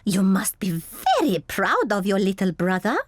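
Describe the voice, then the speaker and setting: A woman voicing a gentle, encouraging female gazelle who teaches a cartoon playgroup. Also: medium pitch, animated, moderate pace, no echo, lightly acted. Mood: warm. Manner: kindly, encouraging. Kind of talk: cartoon voice acting.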